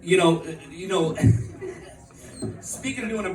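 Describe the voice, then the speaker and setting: A man in his forties doing a stand-up comedy set, telling brash, profane stories in bursts of excitement. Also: sits high, takes it slowly. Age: 40s. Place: comedy venue with a live crowd. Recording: echoey room recorded from a distance, crowd audible. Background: audience laughter.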